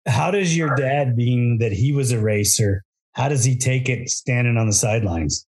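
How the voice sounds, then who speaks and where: Middle-aged male interviewer, mid-pitched, relaxed and encouraging. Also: moderate pace. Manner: easygoing, encouraging, with small restarts. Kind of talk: interview questions.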